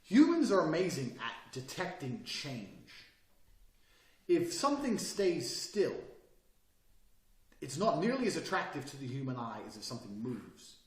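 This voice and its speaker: A man's voice: fairly high pitch, very animated, a little slow. Swaggering man lecturing in an echoey room. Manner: profane, swaggering, emphatic. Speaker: course instructor. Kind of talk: blunt motivational lecture.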